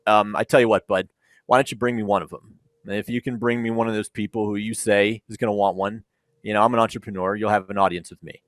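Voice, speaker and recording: Lowish dry-voiced man telling a founder story. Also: quick pace, no echo. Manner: animated storyteller acting out dialogue, frequent ums. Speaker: startup founder, panel speaker. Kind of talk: conversational keynote storytelling.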